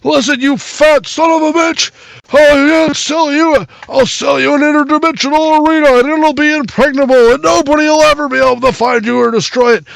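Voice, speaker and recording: A man's voice: a little high, slow, vocal fry, fairly bright tone, no room sound, full character voice. A man voicing a furious, emaciated old man who rants and swears. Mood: raging. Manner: ranting and swearing. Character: furious old male arena owner, cursing.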